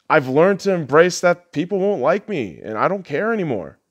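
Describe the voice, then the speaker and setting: A man's voice: on the high side, sing-song, moderate pace, hardly any pauses. A man hosting a podcast, ranting bluntly and crudely, mocking his listeners and laughing at his own jokes. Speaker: podcast host. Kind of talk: profane solo rant.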